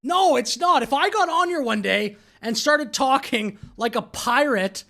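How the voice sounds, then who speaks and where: A man's voice: extremely high pitch, animated, unhurried, sharp tone. A man hosting a political commentary show, talking over clips in a mocking, exasperated way. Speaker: commentary channel host.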